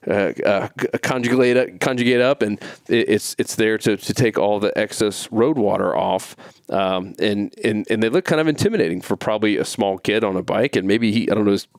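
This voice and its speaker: Low-voiced man telling a rambling story. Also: no room sound. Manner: rambling, many restarts and fillers. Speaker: podcast host. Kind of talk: casual faith podcast storytelling.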